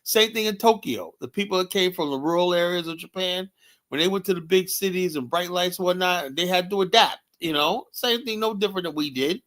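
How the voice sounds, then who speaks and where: A man's voice: high voice, fairly quick, a bit bright. A man with a New York accent hosting a heated discussion, talking emphatically and asking rhetorical questions. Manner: emphatic, rhetorical questions, frequent "you know". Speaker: host.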